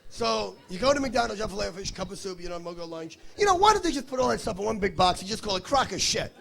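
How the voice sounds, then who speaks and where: A man's voice: high-pitched, big pitch swings, quick pace, gravelly, fairly bright tone. A male stand-up comedian doing crowd work on stage, brash and teasing, with profanity. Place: comedy stage before a live audience.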